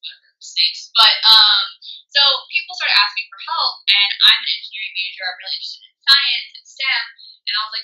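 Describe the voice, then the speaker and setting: A young woman in her twenties from Arizona, a powerlifting coach talking as a podcast guest in an animated way, full of "like" and "um". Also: mid-range voice, brisk, dull audio. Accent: none, no Southern accent. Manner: animated, filler-heavy with frequent "like" and "um". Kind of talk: casual interview chat. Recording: echoey room, distant from the mic.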